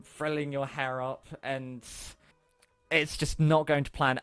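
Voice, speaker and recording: A man narrating a tabletop role-playing game as game master, in a relaxed way. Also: mid-range voice, takes it slowly, smooth, no room sound, faint music behind.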